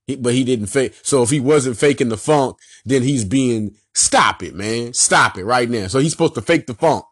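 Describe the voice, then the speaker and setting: Philadelphia-accented male podcast host, mid-pitch, animated slangy rant, dry close-miked sound. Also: moderate pace, few pauses, dry recording. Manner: animated, emphatic, slangy, repeats himself. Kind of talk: casual sports rant.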